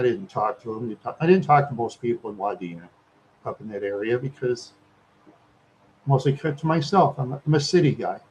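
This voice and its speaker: A man's voice: medium pitch, a little mellow, dull audio, slight background noise. A man from Minnesota hosting a live stream, rambling through stories, repeating words and chuckling often.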